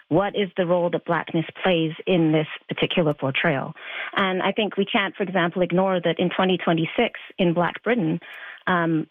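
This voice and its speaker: Measured woman on a tinny line. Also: fairly low pitch, dry recording. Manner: measured, analytical, articulate. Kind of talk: panel discussion. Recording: tinny phone-like remote line.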